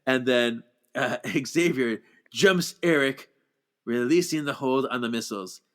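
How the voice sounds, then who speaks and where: A man in casual podcast chat, running through a film's plot. He slips into playful voices for the characters and laughs often. His voice sits at an everyday middle pitch. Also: a little slow, fairly bright tone. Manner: playful, acts out characters' lines while recapping, laughs often. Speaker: podcast co-host. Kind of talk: casual movie recap chat.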